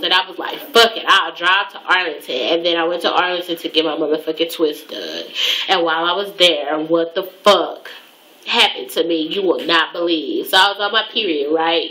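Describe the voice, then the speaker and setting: A young woman telling a story straight to camera in a casual vlog, her voice bright and ringing. She talks with profane, animated energy and mocks the people she quotes along the way. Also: fairly low pitch, rough recording. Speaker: hair vlogger.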